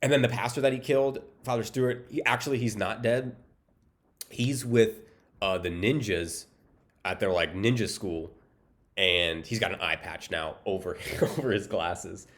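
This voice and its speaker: Low-voiced man, rambling deadpan recap. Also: moderate pace. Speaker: movie recap host. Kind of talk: casual comedic film recap.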